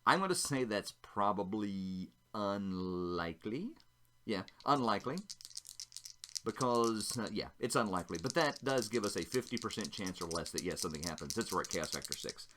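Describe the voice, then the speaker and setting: A man's voice: lowish voice, expressive, normal speed, bright, forceful tone, a little hiss or hum. A man narrating a solo tabletop role-playing game, chatting casually and thinking aloud as he rolls dice.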